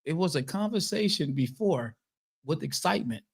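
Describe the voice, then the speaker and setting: A man's voice: on the high side, expressive, normal speed, gravelly, husky. A man co-hosting a casual podcast, teasing his partner and piling up fillers as he talks. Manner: teasing, filler-heavy, keeps saying "you know". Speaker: podcast co-host.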